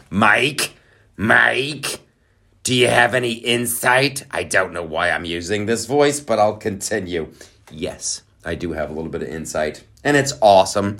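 A man hosting his own podcast in a casual, playful monologue, drifting onto tangents and joking between loud bursts and quiet asides. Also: low-pitched. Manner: playful, rambling, goes off on tangents. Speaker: podcast host.

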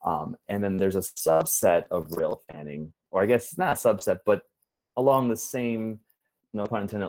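A man with a very deep voice talks as a guest on an interview show. He explains his hobby earnestly and at a measured pace, with frequent ums and uhs. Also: a little mellow, low-quality recording. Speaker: guest, preservationist and rail fan. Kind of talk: casual interview answers.

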